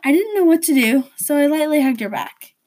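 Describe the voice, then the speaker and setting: A woman's voice: high-pitched, expressive, brisk, darkish tone. A woman reading a first-person story aloud, with an inward, hesitant manner.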